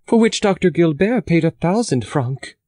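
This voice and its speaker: A man's voice: a little high, lively intonation, normal speed, mellow, dry recording, clean studio sound, pitched above the performer's own voice, close to an everyday voice. A male audiobook reader voicing a proud, gawky young country lad who answers eagerly. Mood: eager earnest. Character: gawky proud country youth, newly dressed up.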